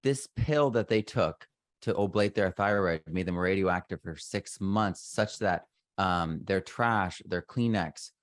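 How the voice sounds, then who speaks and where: A man's voice: deep voice, unhurried, no echo, studio quality. A middle-aged man talking as a podcast guest in a casual interview, rambling and often restarting his sentences. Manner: rambling, self-interrupting storyteller.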